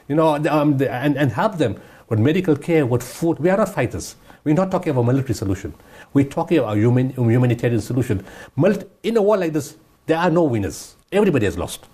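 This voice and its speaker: A man's voice: mid-range voice, a little mellow. A man giving impassioned interview answers, emphatic and repeating his points. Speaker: guest humanitarian speaker.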